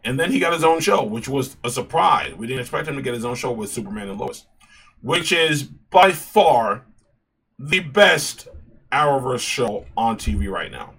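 This YouTube host shares his casual opinions on superhero films, passionate and animated, frequently starting over and repeating himself. His medium-pitched voice has a breathy edge and a normal pace.

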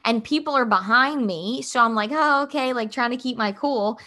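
A woman's voice: a little high, normal speed. A woman in her thirties, a mother, telling a family story in casual chat, filling her speech with "like" as she goes. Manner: animated, fills speech with "like".

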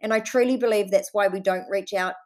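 A woman's voice: mid-range voice, fairly even intonation, a little fast. A woman with a New Zealand accent hosting a solo podcast, talking in an earnest, impassioned way, swearing freely and speaking fondly to her listeners. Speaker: podcast host.

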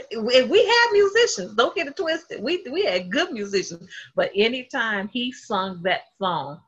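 A woman hosting a casual faith talk, telling family stories in an animated way and laughing often. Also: a little high, unhurried, husky. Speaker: host of a faith livestream. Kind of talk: casual devotional chat. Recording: dull lo-fi sound.

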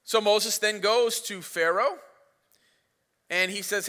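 A man's voice: high voice, slow pace, pushed and bright. A man preaching a sermon as pastor, retelling the story in a casual, playful way. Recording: reverberant hall.

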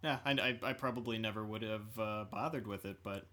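A man's voice: on the low side, fairly quick, sharp tone. A man co-hosting a casual movie chat, wry and agreeable, laughing often. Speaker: podcast co-host.

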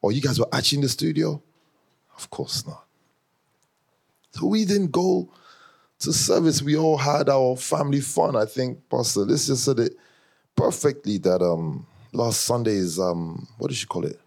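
A man's voice: mid-range voice, moderate pace, gravelly, slightly rough. A man with an African accent leading a church leadership class, talking casually and teasing the congregation with lots of laughter. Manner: animated, teasing, often laughing, chats with the audience. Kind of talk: casual joking talk to a congregation.

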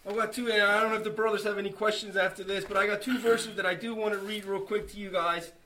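A man's voice: high-pitched, fairly even intonation, fast talker, bright, forceful tone, slight background noise. A man giving an emotional personal testimony to a church group, earnest and full of restarts, acting out his own and others' remarks as he tells the story. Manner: emotional, earnest, with many restarts and quoted dialogue.

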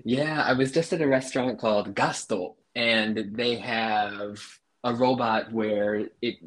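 Husky-voiced man, patient explainer. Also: medium pitch, steady tone, measured pace. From USA. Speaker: podcast guest. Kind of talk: casual podcast chat.

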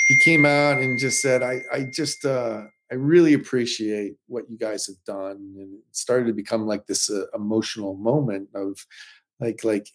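A middle-aged man spins a lively story from his stunt career in a relaxed interview. He talks casually at an average pitch and acts out quotes from other people as he goes. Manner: animated anecdotes with quoted voices. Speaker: stuntman guest.

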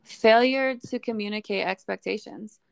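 A woman's voice: mid-range voice, moderate pace, vocal fry, clear, resonant tone, no room sound, studio quality. A young woman hosting a podcast, talking in a casual, blunt way and swearing freely. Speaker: podcast host. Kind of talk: casual chat.

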